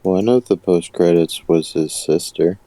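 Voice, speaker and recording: A young man co-hosting a podcast, chiming in with brief, low-key replies. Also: unhurried, mellow. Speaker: podcast co-host. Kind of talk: casual chat.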